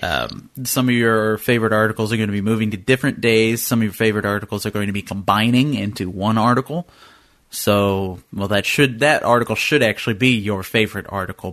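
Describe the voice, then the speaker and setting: A man's voice: on the low side, a bit bright, dry recording, clean studio sound. A man hosting a casual podcast, joking and laughing easily as he steers the talk. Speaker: podcast host.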